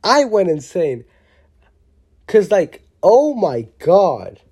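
A vlogger giving a casual, opinionated wrestling show review, rambling and excitable, often restarting sentences and swearing mildly. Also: medium pitch, extremely slow, husky, muffled recording. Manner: blunt, with mild swearing.

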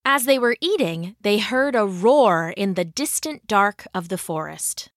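A woman storyteller reading a scripted children's story aloud in an even, unhurried way. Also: mid-range voice, no echo, clean studio sound. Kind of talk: scripted narration.

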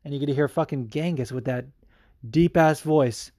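A man hosting a podcast, talking casually in a rambling, excitable way with plenty of fillers and swearing. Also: a little high, normal speed, dry recording, clean studio sound. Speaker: podcast host. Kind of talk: casual chat.

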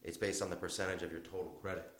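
A man's voice: low voice, level tone, racing, a bit bright. A young man co-hosting a podcast, rambling casually, laughing often and swearing freely. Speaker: podcast co-host. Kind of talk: casual chat.

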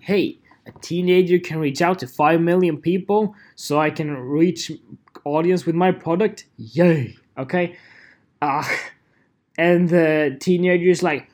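A man hosting a podcast alone, talking casually in a rambling, profane, self-deprecating way. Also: fairly high pitch. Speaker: podcast host.

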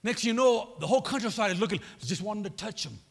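A man preaching a sermon, repeating his phrases with emphasis and prodding the congregation with quick questions. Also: high voice, expressive, vocal fry, husky. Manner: repetitive, emphatic, prods the audience with "huh?". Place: church sanctuary. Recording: long hall reverb.

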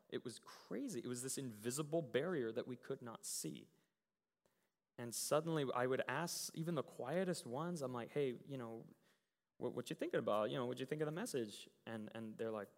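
A man giving a casual sermon as a pastor, telling stories in an animated way with many fillers and repeated words. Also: mid-range voice, fairly quick. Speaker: youth pastor. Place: church sanctuary. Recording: church hall with long reverb.

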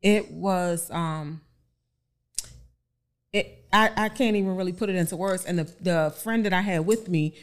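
Woman guest, low-pitched, animated storyteller who repeats herself and acts out quotes. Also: a little slow. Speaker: podcast guest, bride. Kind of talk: casual chat.

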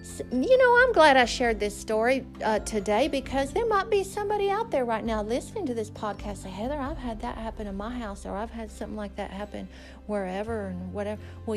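A woman hosting a faith podcast, telling a story and preaching in an emphatic, conversational way. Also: on the high side. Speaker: podcast host.

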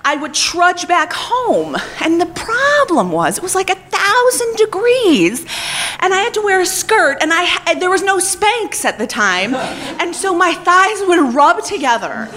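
A woman telling a comic personal story on stage, profane and animated, laughing as she talks. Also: extremely high pitch, measured pace, slight background noise.

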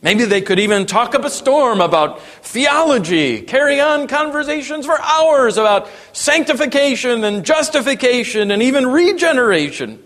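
A man preaching a sermon, dropping to a hush and then rising to emphatic, raised passages. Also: very high voice, expressive, normal speed, hardly any pauses. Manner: wide swings from hushed to emphatic preaching. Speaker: pastor. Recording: long reverb in a hall.

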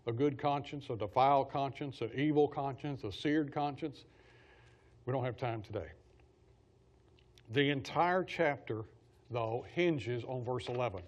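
A man's voice: mid-range voice, unhurried, long pauses, darkish tone. A man teaching a Bible study class in a conversational way, repeating key phrases for emphasis.

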